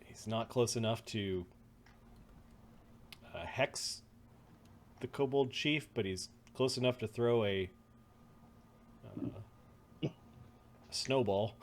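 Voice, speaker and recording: A man's voice: medium pitch, slow pace, pauses often, a little hiss or hum. Chuckling male game master. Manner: relaxed, matter-of-fact with chuckles. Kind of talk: narrating a tabletop game.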